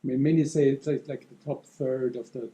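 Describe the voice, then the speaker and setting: A man in a seminar audience whose voice is mellow and warm. He asks thoughtful questions and agrees as he goes. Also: medium pitch, fairly even intonation, fairly quick. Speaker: audience member. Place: meeting room at a soaring club.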